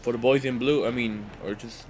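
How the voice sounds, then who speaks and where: A man's voice: mid-range voice, steady tone, brisk, over music. A man hosting his gaming channel, just woken up and rambling through casual commentary full of fillers while he plays. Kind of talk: live gameplay commentary.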